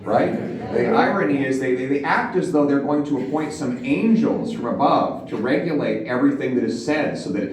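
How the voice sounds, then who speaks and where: A man giving a campaign speech, rhetorical and emphatic, softening into quiet storytelling. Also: mid-range voice, normal speed. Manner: rhetorical, builds to emphatic points then drops to a quiet storytelling tone. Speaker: politician giving a stump speech. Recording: echoey room, distant mic.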